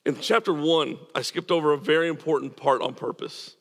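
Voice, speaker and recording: A man's voice: on the high side, brisk, a bit bright, in a large hall. A man preaching a sermon as pastor, earnest and emphatic, repeating words as he drives points home. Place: church.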